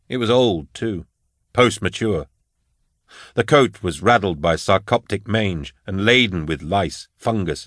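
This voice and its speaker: Low-voiced male audiobook narrator. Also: fairly bright tone, no room sound, studio quality. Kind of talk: scripted narration.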